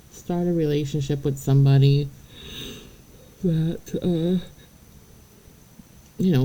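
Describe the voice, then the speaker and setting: A woman reads tarot for her viewers in a chatty, blunt way, swearing freely and checking in with "okay?" after her points. Her voice is heavily gravelly with fry, and its tone is very dark and mellow. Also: deep voice, rough recording. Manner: chatty, laughs between points. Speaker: tarot reader. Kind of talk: casual spiritual reading to the viewer.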